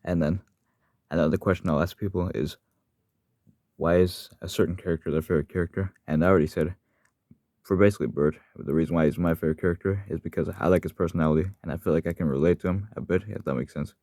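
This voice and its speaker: A man's voice: low-pitched, quick pace, warm tone, no room sound, studio quality. A man talking casually on his channel about the characters he voices, rambling and often correcting himself. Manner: rambling, self-correcting, apologetic. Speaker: fan voice actor for his channel. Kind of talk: casual vlog monologue.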